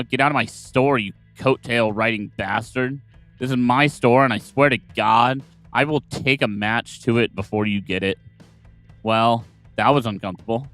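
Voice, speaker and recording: A man's voice: mid-range voice, a bit bright. A man reading game dialogue aloud during a playthrough, shifting between character voices.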